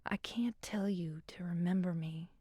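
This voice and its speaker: An actress playing a dying wife reading her farewell letter to her husband in a soft, intimate, half-whispered voice. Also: fairly low pitch, steady tone, unhurried, slightly rough, dry recording, studio quality. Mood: tender whisper.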